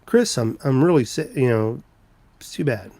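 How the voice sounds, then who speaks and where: A man's voice: medium pitch, animated, normal speed, a little mellow, no room sound. A man hosting a casual live stream, rambling as he greets viewers by name and walks around his home with a handheld camera. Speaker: livestream host.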